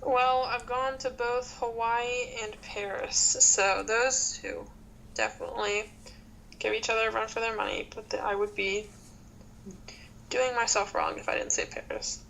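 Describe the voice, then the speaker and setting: Young woman podcast guest, chill and giggly, gravelly voice, faint hiss behind. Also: fairly high pitch, animated, measured pace, fairly bright tone, rough recording. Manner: laid-back, short replies, giggly. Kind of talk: casual chat.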